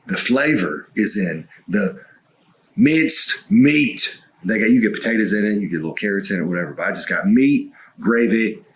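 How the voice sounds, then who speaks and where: A man co-hosting a podcast, telling stories in a folksy, profane, excitable way. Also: fairly low pitch, moderate pace. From United States. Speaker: podcast co-host, wrestler. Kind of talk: casual chat.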